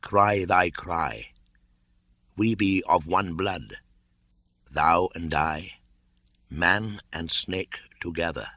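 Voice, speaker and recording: A man voicing a cold-blooded giant male python who speaks in a grave, measured way in a storybook reading. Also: low voice, bright, forceful tone, no room sound, voice pushed up, exaggerated voice. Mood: solemn.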